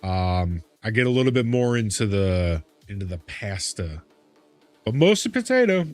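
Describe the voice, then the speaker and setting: A man's voice: fairly low pitch, very animated, normal speed, no echo, faint music behind. Chummy male streamer, dry close mic. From Midwest US. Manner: chummy, calls chat "big man", hypes up viewers. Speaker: game streamer. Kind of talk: casual live-stream chat while gaming.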